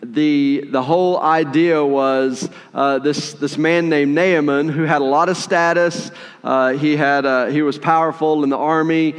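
A man preaching a sermon in a conversational, animated way, with playful asides while retelling a story. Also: a little high, a little slow, smooth, in a large hall. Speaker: pastor.

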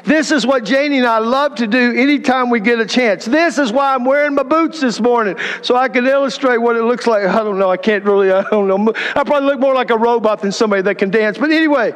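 This middle-aged pastor preaches fast in a very high-pitched voice, hardly pausing as he tells stories and fires rhetorical questions at the congregation. A long reverb tail fills the church sanctuary.

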